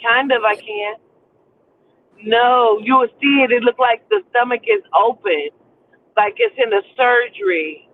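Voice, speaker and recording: A woman co-hosting a casual panel chat, animated, slangy and blunt. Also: fairly high pitch, unhurried, phone-quality sound. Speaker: panel co-host.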